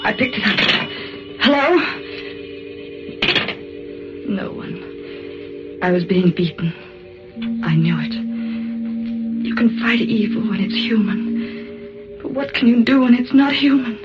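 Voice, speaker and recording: A woman's voice: fairly high pitch, measured pace, pauses often, lightly acted. An actress playing a frightened young woman who narrates her own ordeal in a 1940s-style radio drama, in a tense, emotional way. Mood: despairing. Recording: dull lo-fi old radio recording with music. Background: dramatic background music.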